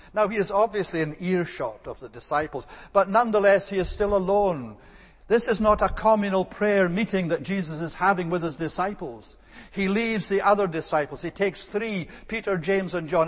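A man's voice: high voice, in a large hall. A man preaching an earnest, emphatic sermon and repeating his key words for stress.

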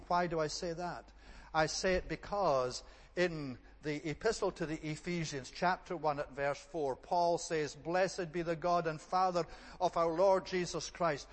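A man with a fairly high voice preaches a sermon in earnest, emphatic tones, stacking repeated phrases to drive his points home. His voice rings out with a long reverb from the hall around him.

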